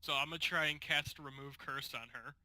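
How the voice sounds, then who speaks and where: A man's voice: on the high side, brisk, bright, forceful tone, no echo, poor audio. A man speaking as a player in a tabletop game, hesitant and stammering.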